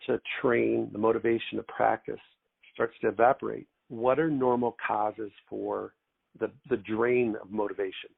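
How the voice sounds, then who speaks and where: Gravelly man over a phone-like line. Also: medium pitch. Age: middle-aged. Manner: long winding questions with listed examples. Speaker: podcast host, sports agent. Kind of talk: interview questions.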